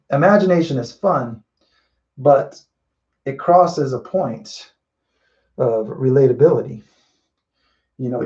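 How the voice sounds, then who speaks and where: Casting note: man painting live on camera, easygoing think-aloud instructor, mellow low-key tone, slightly dull lo-fi sound. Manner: relaxed, thinking aloud while painting, many restarts and "you know". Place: indoors at a painting wall.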